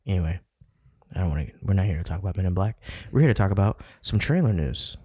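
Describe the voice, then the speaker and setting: A man's voice: low-pitched, animated, fast talker, dark tone, husky, no room sound, clean studio sound. A man co-hosting a podcast in casual chat, rambling, cursing and laughing often. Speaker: podcast co-host.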